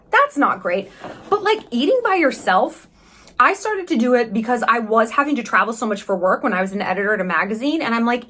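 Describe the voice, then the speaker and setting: A woman in her thirties from the United States, chatting candidly in a travel vlog, sarcastic and quick with profane asides. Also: a little high, a bit bright. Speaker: vlogger. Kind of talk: casual travel vlog chat.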